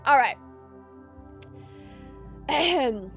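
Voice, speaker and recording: A young adult woman streaming a game, chatty and thinking aloud, with loud excitable outbursts. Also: high voice, measured pace, pauses often, soft background music. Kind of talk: gaming stream commentary.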